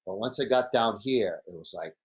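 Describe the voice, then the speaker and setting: A man's voice: lowish voice, moderate pace. Laughing man telling stories. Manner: animated, laughs often, acts out quotes. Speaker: podcast guest, big wave surfer. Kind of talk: casual storytelling interview.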